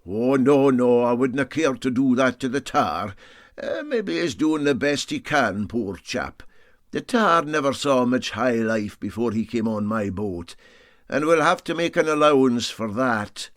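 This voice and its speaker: A man's voice: mid-range voice, animated, measured pace, no echo, clean studio sound, natural voice. Man doing a mild Scottish sea captain. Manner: mild, coaxing, slightly raised voice. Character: mild, polite older male boat captain.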